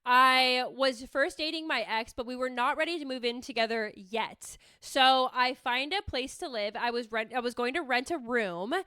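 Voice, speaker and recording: Young bay area woman rambling a story on her podcast, high voice, dry sound. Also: normal speed, hardly any pauses, clean tone, no room sound. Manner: rambling, lots of "like", animated retelling. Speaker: podcast host. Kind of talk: casual storytelling chat.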